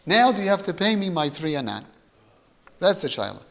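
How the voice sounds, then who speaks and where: A man teaching a Talmud class, lively and animated, acting out both sides of a business deal and sprinkling in Hebrew and Yiddish terms. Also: high voice, a little fast, vocal fry, long pauses, big-room sound.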